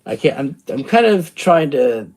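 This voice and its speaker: A man's voice: a little high, sing-song, measured pace, a little mellow. A tired man hosting a casual show review, rambling and thinking aloud with many fillers. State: tired from the late hour. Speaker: wrestling channel host.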